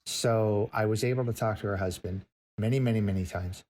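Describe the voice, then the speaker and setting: A man's voice: on the low side, fairly quick, crowd noise. A middle-aged man, a guest author, telling a moving story in conversation, earnest and repeating words for emphasis.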